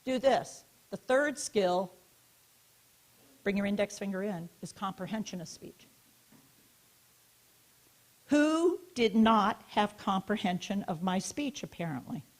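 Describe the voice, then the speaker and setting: A woman giving a keynote talk at a conference. She speaks in an animated, directive way, asking the audience questions and guiding them through hand gestures, with a small mic worn near her neck. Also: medium pitch, slow pace, long pauses. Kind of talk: interactive conference lecture. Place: conference hall stage.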